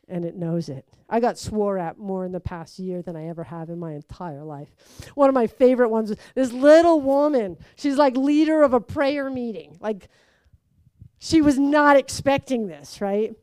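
A woman giving a conversational sermon, telling stories with lively acted-out quotes. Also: medium pitch, normal speed, dry recording. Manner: animated storytelling, acts out quotes. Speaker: preacher.

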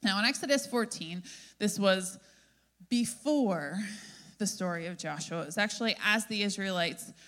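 A woman pastor preaching a sermon in a lively storytelling manner, often asking "right?". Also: medium pitch, moderate pace.

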